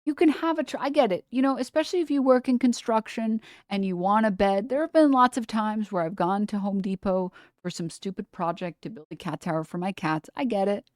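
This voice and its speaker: Young woman streamer, casual animated rant, close dry mic. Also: medium pitch, dry recording. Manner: animated ranting, swearing, quick asides. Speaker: livestream host. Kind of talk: casual chat.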